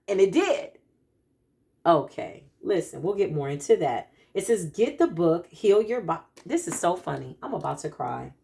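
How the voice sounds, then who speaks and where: A woman, a spiritual practitioner speaking to her followers in an animated, emphatic, preacher-like way. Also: lowish voice, moderate pace, vocal fry, hardly any pauses. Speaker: spiritual practitioner giving a card reading.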